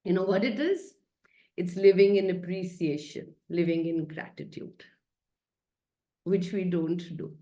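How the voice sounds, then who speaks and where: A woman's voice: fairly low pitch, measured pace, long pauses, warm tone. A woman, a happiness coach giving a chatty, playful self-care talk over a video call, often laughing and coaxing her listeners.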